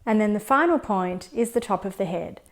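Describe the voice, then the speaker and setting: A woman teaches a tapping routine step by step. Her voice sits at a middle pitch, and she keeps a calm, gentle, measured pace of instruction. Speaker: tapping coach.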